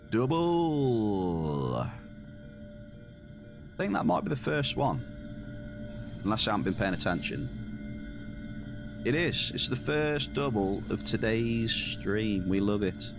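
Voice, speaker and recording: Guy streaming a game, lowish voice, chats w chat and stumbles over words, bit of music in the back. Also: sing-song, slow, long pauses. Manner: chatty, repeats words while playing. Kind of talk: casual live-stream chat with viewers.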